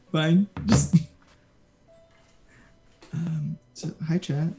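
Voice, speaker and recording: A man's voice: on the high side, very slow, warm tone, soft background music. A man playing a tabletop game, chatting casually with frequent laughter and teasing. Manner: giggly, teasing. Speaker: player.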